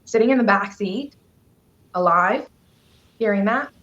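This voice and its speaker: A woman's voice: mid-range voice, unhurried, a bit bright, highs cut off. A woman from Canada, a guest telling a personal story on a live stream, earnest and emotional, rambling with fillers.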